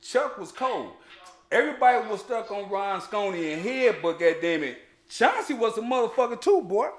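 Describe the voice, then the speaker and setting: A man telling a childhood story in casual chat, animated and laughing, full of slang and restarts. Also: high voice, moderate pace. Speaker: podcast host. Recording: echoey room.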